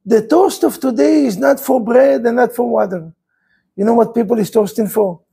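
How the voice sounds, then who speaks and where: A man's voice: extremely high pitch, moderate pace, gravelly, dark tone, slightly rough, poor audio. A man, a rabbi, preaching an impassioned sermon full of rhetorical questions.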